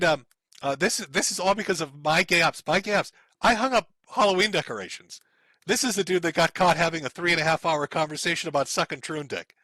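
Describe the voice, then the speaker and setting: High, bright sarcastic man streamer. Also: no room sound, poor audio. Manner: sarcastic, profane, chuckles often. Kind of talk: mocking stream commentary reading out posts.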